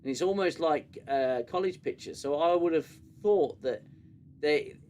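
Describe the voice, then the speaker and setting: A man's voice: on the high side, unhurried, darkish tone. A British man hosting a live review stream, ranting sarcastically and swearing freely. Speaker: show host.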